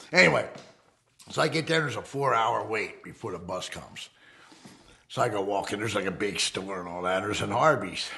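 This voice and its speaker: A middle-aged man from the United States, an ex-convict telling his life story in a casual, profane, animated way, acting out the voices he quotes. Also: on the low side, creaky.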